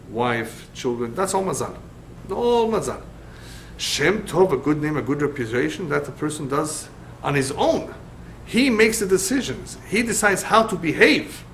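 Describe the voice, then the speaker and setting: A man's voice: a little high, a little hiss or hum, rough recording. A middle-aged man, a rabbi, giving a Torah study lecture, emphatic and fond of repeating his key points. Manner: lively storyteller.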